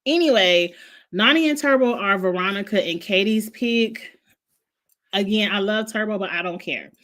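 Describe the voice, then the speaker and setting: A woman's voice: medium pitch, moderate pace, fairly bright tone. Woman ranting about reality tv, blunt and opinionated, cusses a lot, aave. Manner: blunt, opinionated, swears freely. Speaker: host. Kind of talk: casual reality TV recap.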